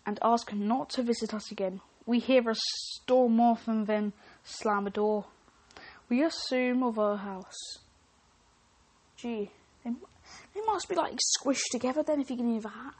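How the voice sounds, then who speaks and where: Breathy, chatty woman host. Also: a little high, unhurried, a little mellow. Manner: chatty, self-interrupting, joking asides. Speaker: podcast host. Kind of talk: reading online stories with commentary.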